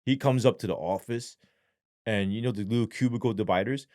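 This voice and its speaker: A man with a lowish voice tells his story as an interview guest, blunt and slangy, heavy on profanity. When he speaks of despair his voice turns low and halting. The recording is dry and close, with no room sound. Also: darkish tone, no room sound. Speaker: guest, former police sergeant.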